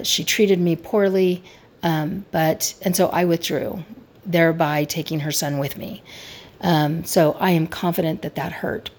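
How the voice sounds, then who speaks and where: Low, gravelly woman giving marriage advice. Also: darkish tone. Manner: candid, reflective, self-deprecating. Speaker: marriage coach. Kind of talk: personal advice talk.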